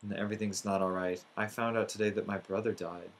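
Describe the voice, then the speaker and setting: A man's voice: on the low side, fairly even intonation, quick pace, lightly acted. Man putting on an old French teacher lady. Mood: hushed. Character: elderly female French teacher, lively and warm.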